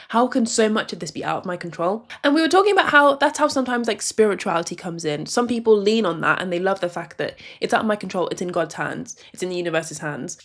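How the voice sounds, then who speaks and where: Young woman vlogging at home, chatty, tons of "like", mid-pitched voice. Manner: chatty, many "like" fillers. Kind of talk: casual talking-to-camera advice. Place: a room at home, in dim lighting.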